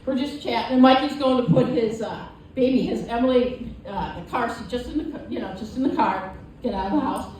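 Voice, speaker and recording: A woman doing a stand-up comedy set, telling stories with animated voiced asides. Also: fairly high pitch, brisk, a little hiss or hum. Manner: animated storytelling with voiced asides and crowd laughter. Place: comedy club stage. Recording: echoey live venue from far off, audience laughter. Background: audience laughing.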